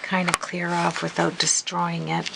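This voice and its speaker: A middle-aged woman chatting casually as she works on a crafting video, murmuring softly and then breaking into giggles and apologies. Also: on the low side, completely flat delivery, measured pace, gravelly, very noisy. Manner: soft murmuring while working, bursting into laughter and giggly apologies. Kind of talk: casual crafting tutorial chat. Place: home craft room. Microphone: camera mic.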